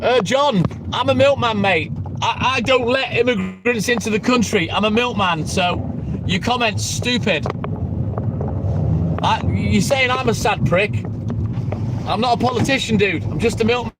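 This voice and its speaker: A man's voice: high-pitched, a little slow. A middle-aged man chatting on a phone live stream from a moving vehicle, blunt and combative, swearing heavily as he answers comments. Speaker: livestreaming milkman. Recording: noisy car with wind noise on mic.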